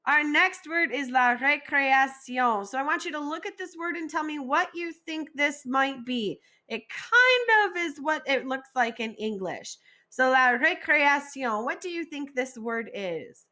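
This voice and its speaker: A woman teaching a recorded French vocabulary lesson, slowly modeling each word and asking listeners to repeat after her. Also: high-pitched, animated, sharp tone. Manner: slow, clearly modeled pronunciation with call-and-repeat drills.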